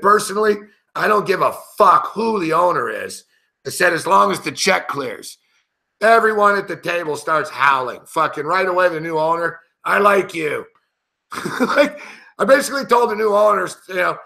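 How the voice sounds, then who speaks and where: His voice runs on the high side, bright and forceful, with vocal fry. A middle-aged man hosting a sports betting show, he tells stories in a brash, profane, casual way and laughs often.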